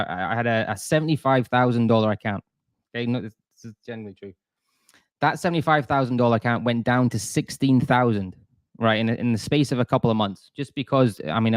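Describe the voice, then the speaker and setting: A man chatting through a live trading stream in a mid-pitched voice. He rambles and restarts, mocks his own past mistakes and talks straight to viewers. The sound is dry and close. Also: no room sound. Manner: chatty, self-deprecating, lots of restarts. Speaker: forex trader streamer.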